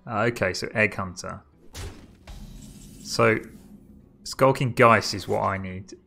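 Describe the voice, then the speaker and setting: A man's voice: on the low side, slow, creaky, sharp tone, faint music behind. A man giving casual commentary on his own card game as he plays, thinking aloud and chuckling often.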